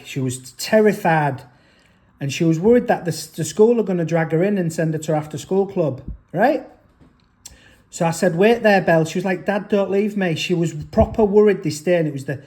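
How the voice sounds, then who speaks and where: A man's voice: fairly high pitch, darkish tone. A father telling a personal story in an aggrieved, rambling way, often restarting his sentences. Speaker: father vlogger.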